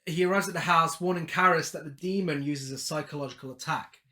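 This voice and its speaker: A man with a bright, slightly high voice co-hosts a casual film podcast. He recaps the story scene by scene and drops in laughing side comments as he goes. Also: fairly quick. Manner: recaps the plot, then breaks into laughing asides. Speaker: podcast co-host.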